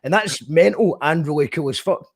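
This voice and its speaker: A man's voice: a little high, fairly quick, slightly rough, no room sound. A Scottish man hosting a casual radio interview, talking in loose restarts and reading out listener entries. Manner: conversational, trailing restarts, reads out listener entries. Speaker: radio show host.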